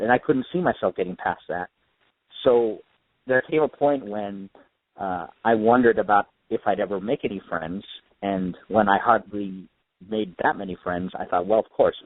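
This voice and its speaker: A man's voice: lowish voice, no room sound. A man from California telling his life story earnestly as a radio guest. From California, United States. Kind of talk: personal life story in an interview. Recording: tinny phone line, dry.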